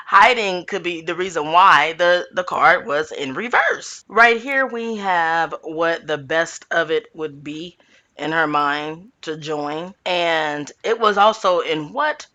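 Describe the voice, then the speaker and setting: A woman giving a chatty, animated tarot reading to her viewers. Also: mid-range voice, measured pace. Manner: animated, chatty, addresses viewers as y'all and honey child. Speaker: tarot reader. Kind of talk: casual tarot reading commentary.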